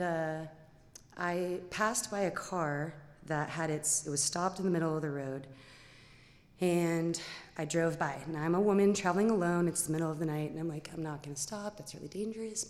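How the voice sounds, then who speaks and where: A young woman telling a story live to an audience, animated, full of "like" and "um", and acting out the quotes. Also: sits low, in a large hall. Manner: animated, lots of "like" and "um", acts out quotes. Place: stage before an audience.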